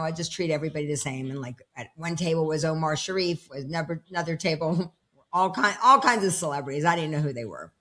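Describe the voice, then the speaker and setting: Woman in her fifties, low voice, animated storyteller, casual interview, at home. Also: fast. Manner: animated storyteller acting out quoted dialogue. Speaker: personal development coach and speaker. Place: home with dogs around.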